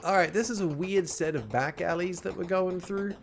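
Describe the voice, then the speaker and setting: A man's voice: sits high, moderate pace, gravelly, soft background music. A man casually commenting on a horror game he is streaming, playful and chatty with his viewers. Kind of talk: gaming livestream commentary.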